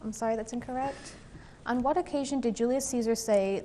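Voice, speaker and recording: A woman moderating a quiz competition, reading questions and rulings in a measured, formal way with an occasional "um". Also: on the high side, warm tone, a little hiss or hum.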